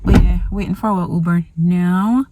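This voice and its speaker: A woman's voice: lowish voice, fairly even intonation, moderate pace. A woman, vlogging casually on a phone as she chats and talks to her kids. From Jamaica, raised in Anguilla. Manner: chatty, rambling, talks to her kids between asides. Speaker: vlogger and mother. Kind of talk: casual vlog chat. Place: in a car, then at home. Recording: vehicle noise in background.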